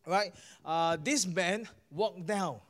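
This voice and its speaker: High-voiced Singaporean man preaching. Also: slow pace. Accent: Singaporean English. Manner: animated storytelling, asks the audience "right?" and "guess what?". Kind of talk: sermon with personal testimony.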